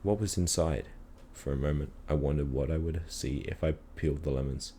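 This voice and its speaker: A man calmly reading a children's story aloud in a measured storytelling manner. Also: extremely low pitch, slight background noise. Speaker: reader.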